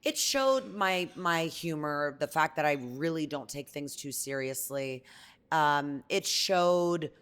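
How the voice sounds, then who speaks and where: A woman's voice: deep voice, animated, slow pace, fairly bright tone, clean tone. A middle-aged woman being interviewed, talking candidly and emphatically, often ending points with "right?". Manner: emphatic, tags statements with "right?". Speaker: guest, reality TV personality.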